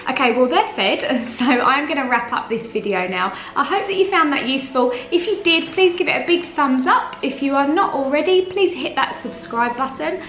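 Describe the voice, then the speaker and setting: A woman's voice: high-pitched, lively intonation, moderate pace, few pauses, fairly bright tone, recorded from a distance. A woman, a fitness vlogger and mother, chatting casually to her viewers in an encouraging, easygoing way. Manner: chatty and encouraging, laughs easily. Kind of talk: casual vlog chat. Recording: roomy echo, a bit off-mic, music behind.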